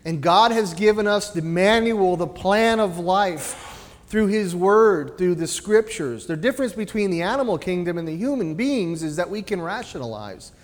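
A man preaching a sermon in a church, animated, swinging between loud emphasis and quiet, low asides. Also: moderate pace, big-room sound.

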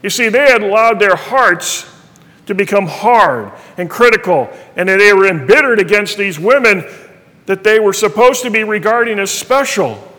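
Middle-aged male pastor, high-pitched, earnest sermon delivery, reverberant church hall. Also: bright, forceful tone. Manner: earnest preaching, reading scripture aloud.

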